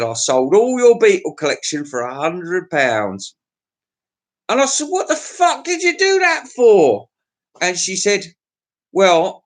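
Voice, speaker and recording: A man hosting a livestream, telling crude, profane, jokey stories in a rambling casual chat to his viewers. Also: on the high side. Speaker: livestream host.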